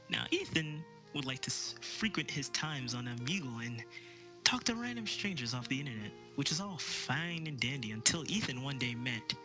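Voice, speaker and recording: A young man telling a comedic story in a rambling, excitable, crude way. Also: a little high, normal speed, over music.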